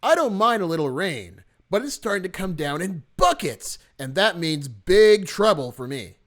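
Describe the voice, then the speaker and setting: A man's voice: high-pitched, sing-song, normal speed, voice pushed up. A man reading comic-panel lines as Spider-Man, an upbeat young male superhero, in a light heroic voice. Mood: breezy.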